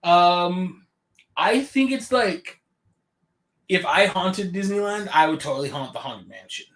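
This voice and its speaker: Male co-host, higher voice, joking and reading chat, echoey room. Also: lively intonation, unhurried, fairly bright tone. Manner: joking, reads out viewer comments. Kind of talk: casual livestream chat. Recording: roomy echo.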